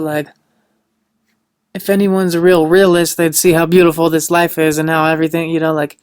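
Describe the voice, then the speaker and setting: Young male podcast host, earnest motivational talker, loose and rambling, smooth clear tone, dry recording. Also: fairly high pitch, no room sound. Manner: loose and rambling, with lots of "like" and "you know"; earnest, upbeat and preachy.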